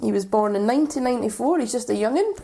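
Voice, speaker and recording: A woman's voice: a little high, lively intonation, racing, creaky, warm tone. A woman co-hosting a casual podcast, chatting and reading lists from her notes with frequent ums. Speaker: podcast co-host.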